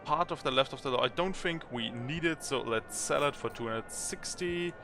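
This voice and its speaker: A man's voice: mid-range voice, moderate pace, over music. A man commenting on a game as he plays it and reading its text aloud, chatty and thinking aloud. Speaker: let's play host.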